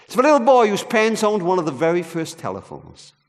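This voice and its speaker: A man preaching at a church service, an expressive storyteller with a high voice that leaps lively up and down. His voice rings with the long reverb of a large ballroom. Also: quick pace. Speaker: guest preacher. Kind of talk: sermon with storytelling.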